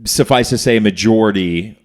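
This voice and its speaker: A man hosting a podcast, telling a personal story in an emphatic, animated way and acting out the people he quotes. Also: fairly low pitch, brisk. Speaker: podcast host. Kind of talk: conversational storytelling.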